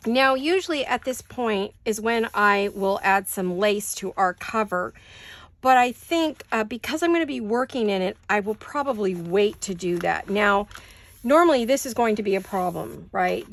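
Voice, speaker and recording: A woman's voice: medium pitch, gravelly. A woman hosting a craft video from her home studio, chatting and thinking aloud as she works, with the hiccups. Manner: chatty, thinks aloud while working, asks viewers questions. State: has the hiccups. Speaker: craft channel host. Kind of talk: casual craft-along chat.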